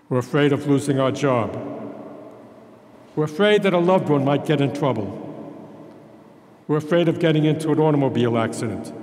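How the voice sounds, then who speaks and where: A man's voice: a little high, darkish tone. An older man, a priest, preaching a sermon in a folksy storytelling manner. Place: large church. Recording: echoey church with long reverb.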